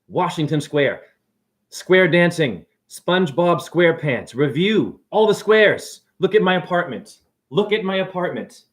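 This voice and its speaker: A man rambling excitedly and preachily through a livestream monologue from his apartment, jumping from idea to idea. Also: high-pitched. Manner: excitable, preachy, jumps between ideas. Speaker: self-styled spiritual teacher.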